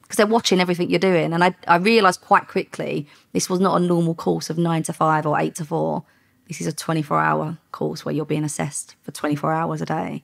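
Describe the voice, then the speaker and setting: A middle-aged woman, a former undercover police officer, telling lively stories in a podcast interview and acting out the dialogue. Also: low-pitched, brisk, creaky. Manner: lively anecdotes with quoted dialogue, frequent laughs.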